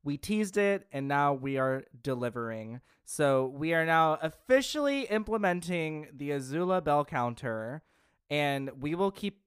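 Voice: medium pitch, lively intonation, a little slow, clean tone, no echo, clean studio sound. A podcast co-host musing casually about an episode, then announcing a new segment.

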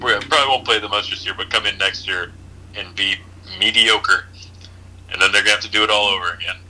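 A man with a very bright, sharp-edged, fairly low voice chats about sports in a laid-back, hesitant way. Faint noise hums behind him. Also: fairly even intonation, fast talker, poor audio. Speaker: podcast guest. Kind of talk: casual sports chat.

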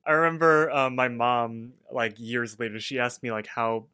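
Young man, podcast co-host, animated storyteller, laughs a lot, middle pitch. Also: normal speed, clean tone, no echo. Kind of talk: casual chat.

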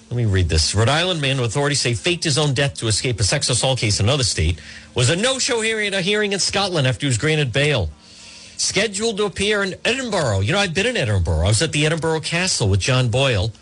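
A man's voice: medium pitch, a bit bright. A man hosting a talk radio show, delivering a rambling, sarcastic monologue full of mock quotes and asides into a studio microphone.

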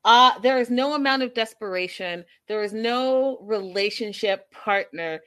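A woman hosting a casual live stream, recapping a reality show in an animated, emphatic, sassy way. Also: a little high, a little slow. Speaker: livestream host recapping reality TV.

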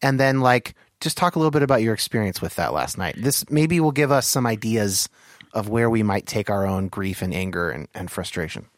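A man's voice: on the low side, lively intonation, fairly quick, dry recording, clean studio sound. A man hosting a casual conversation, talking thoughtfully and qualifying his points with frequent fillers. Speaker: podcast host.

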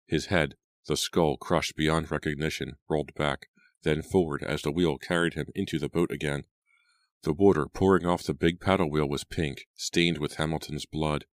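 A man narrating a horror audiobook in a measured, scripted delivery. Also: rumbling low, steady tone, no room sound.

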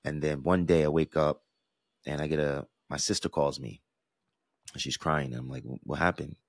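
The rumbling low voice of a male podcast host keeps a steady tone at normal speed, in a dry, studio-quality recording. In his thirties and from the New York–New Jersey area of the US East Coast, he relates a personal story earnestly and reflectively, often restarting.

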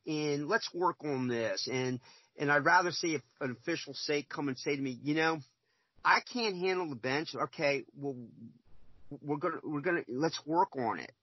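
On a podcast interview, a man who scouts and used to referee speaks emphatically, repeats himself and acts out quoted exchanges. His voice is a little high at a moderate pace. The recording has no echo, and the highs are cut off.

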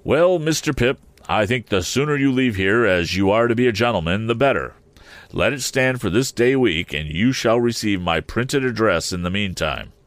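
A man's voice: on the low side, expressive, normal speed, no echo, close to an everyday voice. A man voicing a brusque, commanding middle-aged lawyer with a clipped delivery. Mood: stern.

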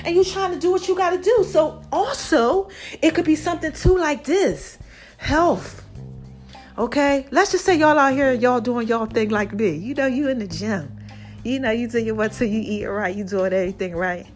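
A chatty, animated woman vlogging straight to her viewers, out of breath as she talks. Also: a little high, moderate pace, soft background music. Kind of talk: casual talk to camera.

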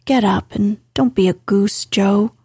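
A woman voicing a sulky, proud young gentleman in a soft, slow whispered role-play reading. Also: medium pitch, husky, dry recording, studio quality.

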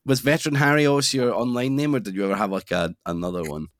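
A man's voice: mid-range voice, steady tone, fast, no room sound, clean studio sound. A young man co-hosting a podcast, laid-back and a bit mumbly, swearing casually. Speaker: podcast co-host. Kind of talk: casual chat.

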